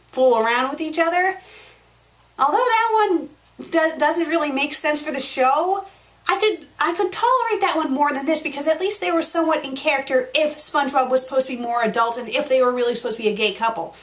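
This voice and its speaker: Blunt, exasperated woman reviewer. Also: sits high. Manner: blunt, exasperated ranting with fillers. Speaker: fanfiction reviewer, show host. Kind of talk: casual spoken review.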